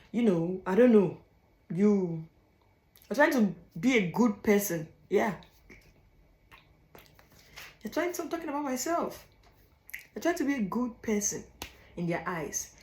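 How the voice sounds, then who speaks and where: Her voice is a little high and a little mellow, at normal speed with lively intonation. A young African woman vlogs blunt advice casually, emphatically repeating phrases and laughing between points, captured in poor audio from an echoey room.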